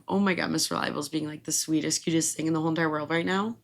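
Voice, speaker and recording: A woman in her twenties, a podcast host from Illinois, telling a story in a casual, animated way, laughing and swearing freely. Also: sits low, very fast, gravelly.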